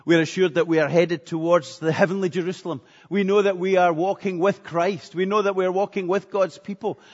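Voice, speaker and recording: An earnest male preacher delivers a sermon, driving points home by repeating phrases, his voice sitting a touch higher than most men's. It is captured in a church hall with a long, echoing reverb on a muffled, lo-fi recording. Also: steady tone, brisk. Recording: echoey hall, dull lo-fi sound.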